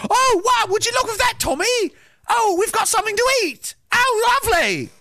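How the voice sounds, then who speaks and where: A man putting on a high, cooing falsetto voice of a delighted lobster fan. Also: sing-song, moderate pace, creaky, pushed and bright, dry recording, exaggerated voice. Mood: gushing.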